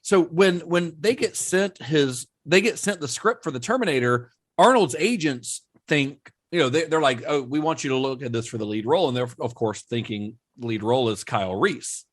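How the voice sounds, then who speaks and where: A man's voice: medium pitch, normal speed, few pauses. A man co-hosting a casual film podcast, recounting production history at an easygoing pace with occasional fillers. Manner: relaxed storyteller with occasional fillers. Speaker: podcast co-host. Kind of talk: casual chat.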